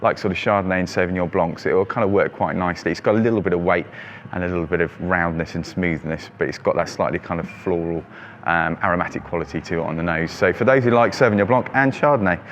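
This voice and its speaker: A man's voice: low voice, quick pace, slight background noise. A man hosting a monthly wine selection, chatting casually with many ums and fillers. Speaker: wine shop host presenting monthly selection. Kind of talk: casual product talk. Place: shop with traffic outside.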